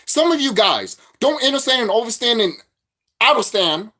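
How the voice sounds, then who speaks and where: A man's voice: very high voice, sing-song, normal speed, pushed and bright. A man vlogging a profane, repetitive spiritual rant, preaching straight at his viewers.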